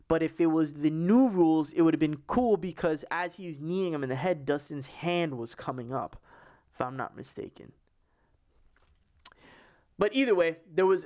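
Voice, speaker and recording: A slightly high-voiced young man chatting on his own sports podcast. He rambles, circles back and restarts his sentences, with plenty of fillers along the way. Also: a little mellow. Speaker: podcast host. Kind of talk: casual sports podcast chat.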